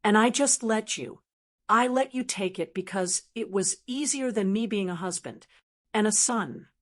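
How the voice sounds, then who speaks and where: A man's voice: high-pitched, measured pace, fairly bright tone. A woman voicing a forty-year-old son, ashamed and crying, his voice breaking as he apologizes. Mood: remorseful. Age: 40s. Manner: broken, apologetic. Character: grown son, ashamed and tearful.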